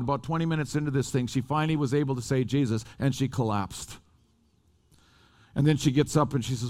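A man preaching at a camp meeting, telling a personal story in an animated, conversational way. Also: medium pitch, fast talker. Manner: animated, rising and falling with the story. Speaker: lay preacher. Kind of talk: storytelling sermon.

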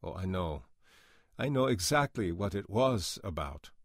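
A man voicing a quiet, weary older male janitor who speaks in a clipped, precise way. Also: deep voice, animated, measured pace, no echo, clean studio sound, exaggerated voice.

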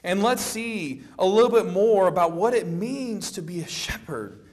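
A middle-aged man preaching a sermon, telling the story with lively acted-out quotes and a plain conversational manner. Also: moderate pace. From Florida. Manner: animated storytelling, acting out quoted lines with rising pitch.

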